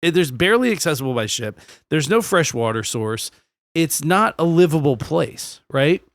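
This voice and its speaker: A man's voice: fairly high pitch, sing-song, normal speed, no room sound. A man co-hosting a podcast in casual chat, joking and swearing as he tells stories. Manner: joking, profane, drifting into silly put-on voices. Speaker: podcast co-host.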